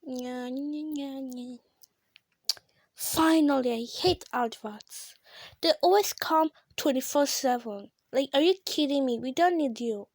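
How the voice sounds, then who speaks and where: A female gamer giving excited let's-play commentary to her viewers, gasping and exclaiming often. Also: high voice, unhurried, no room sound, clean studio sound. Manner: drops to a whisper at times. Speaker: gaming channel host.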